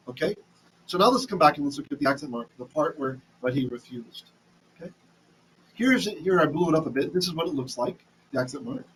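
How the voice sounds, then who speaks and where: A man's voice: a little high, expressive, a little fast, fairly bright tone, slight background noise, rough recording. A man teaching a casual Bible lesson, chatty, often restarting and asking "right?", reading Hebrew with an Ashkenazi accent. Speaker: Torah teacher.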